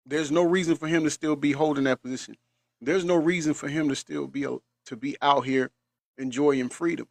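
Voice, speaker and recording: A man's voice: a little high, normal speed, vocal fry, no room sound. A man chatting casually on a live stream, emphatic and repetitive, thanking viewers as he goes. His voice sits close and dry to the mic. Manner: emphatic, repeats himself, colloquial. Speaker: stream co-host thanking chat.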